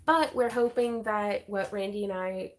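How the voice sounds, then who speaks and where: A woman's voice: medium pitch, measured pace, a little hiss or hum. Bubbly, chatty woman hosting a craft stream. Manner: chatty, bubbly, laughs often, many fillers. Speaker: craft channel host. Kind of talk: casual livestream chat.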